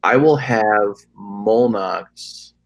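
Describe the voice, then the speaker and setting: A man's voice: fairly low pitch, drawn-out words, dull audio. A man playing a tabletop game, thinking his plans through aloud with some hesitation. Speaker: player. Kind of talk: casual tabletop game play.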